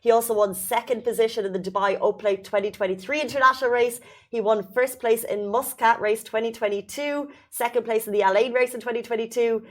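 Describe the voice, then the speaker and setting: Woman, show host, slightly high voice, enthusiastic, encouraging, casual interview chat. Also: fairly even intonation, fairly quick. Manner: enthusiastic, cheering on her guest.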